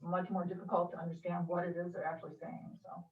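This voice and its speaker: A woman making a hesitant, modest comment at a council meeting, with fillers and a few quick laughs at herself. She is heard from far off in an echoey room, and the sound is dull. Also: fairly low pitch, little pitch movement, crowd noise. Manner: hesitant, self-deprecating. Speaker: public commenter at a city meeting. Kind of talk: public comment. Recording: echoey room from afar, muffled.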